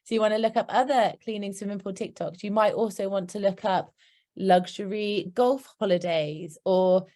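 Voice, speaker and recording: A woman's voice: mid-range voice, mellow. A woman with a British accent presenting a marketing workshop in an upbeat, practical way, with chatty asides. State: hiccuping. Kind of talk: instructive presentation.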